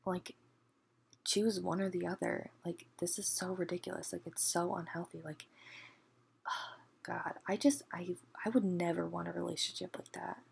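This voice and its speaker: A woman ranting in a casual book review, exasperated, often hushed to a half-whisper and peppering her talk with "like". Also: lowish voice, steady tone, moderate pace, gravelly, a little hiss or hum.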